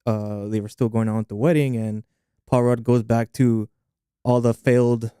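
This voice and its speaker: A man's voice: medium pitch, level tone, moderate pace, dark tone, clear, resonant tone, no echo, studio quality. A man co-hosting a casual movie podcast, laid-back, recapping scenes and laughing along. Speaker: podcast co-host. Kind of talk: casual movie discussion chat.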